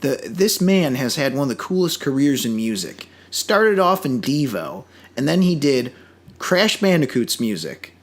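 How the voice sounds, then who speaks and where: A man's voice: medium pitch, big pitch swings, unhurried. A man co-hosting a podcast, talking casually and enthusiastically with frequent restarts and asides. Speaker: podcast co-host. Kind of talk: casual chat.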